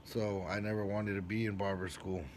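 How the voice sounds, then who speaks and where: Barber guy telling his story, slangy and swearing, acts out the quotes big, bit of background hiss. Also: normal speed. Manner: animated, acts out quoted lines with big jumps in pitch and loudness. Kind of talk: casual personal storytelling.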